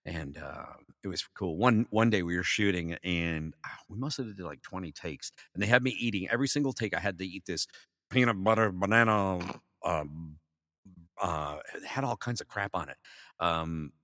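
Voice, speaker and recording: A middle-aged male voice actor telling animated stories in a casual interview, full of fillers. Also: deep voice, moderate pace, dry recording, studio quality, long reverb tail. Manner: animated anecdotes, frequent fillers and laughs. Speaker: voice actor guest.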